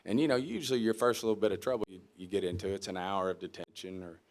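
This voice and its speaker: A man, a guest speaker telling a folksy, animated story, acting out the quotes and laughing along. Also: sits low, fast. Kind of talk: storytelling speech.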